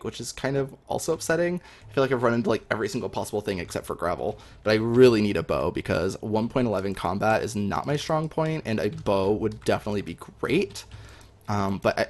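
A young man talking through his game as he plays, chatty and excitable, with lots of ums. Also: lowish voice. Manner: excitable, chatty, many fillers. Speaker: gaming video host. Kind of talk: live gameplay commentary.

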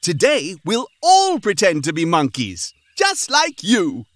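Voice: medium pitch, huge pitch swings, takes it slowly, no room sound. A performer voicing a cheerful frog song teacher. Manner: cheerful and encouraging. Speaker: children's sing-along host. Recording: music behind the voice.

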